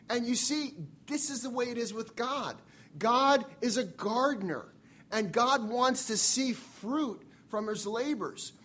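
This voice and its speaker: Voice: mid-range voice, a bit bright, slightly rough. A preacher delivering a sermon in an earnest way, repeating key phrases for emphasis.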